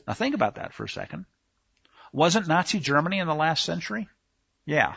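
A man's voice: fairly high pitch, sing-song, moderate pace, creaky, a bit bright, slightly rough, no echo, dull audio. A man hosting a talk radio show in a rambling, emphatic monologue, with frequent restarts. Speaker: radio host.

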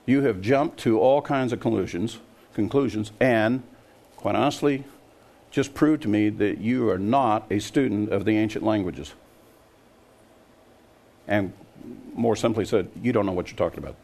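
An older man preaches a sermon to a congregation in an emphatic, scoffing manner, often firing questions at his listeners. His voice is fairly low and darkish, at normal speed with frequent pauses.

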